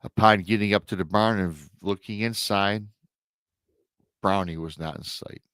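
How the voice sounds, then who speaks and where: Deep-voiced man retelling a listener's story. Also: moderate pace, a bit bright, no room sound, studio quality. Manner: dramatic retelling with emotional asides, swells and drops in volume. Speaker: host reading listener accounts. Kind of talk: storytelling podcast narration.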